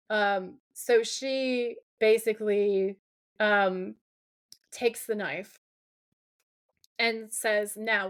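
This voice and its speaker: A woman co-hosting a podcast, casually retelling a TV episode scene by scene, quoting the characters' lines and gushing over them. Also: medium pitch. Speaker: podcast co-host. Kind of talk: casual chat recapping a TV episode.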